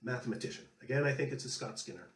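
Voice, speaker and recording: A man hosting, a flute player telling a relaxed story and giving music tips. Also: mid-range voice, moderate pace. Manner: chatty, anecdotal, relaxed. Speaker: flute player and show host. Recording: echoey room.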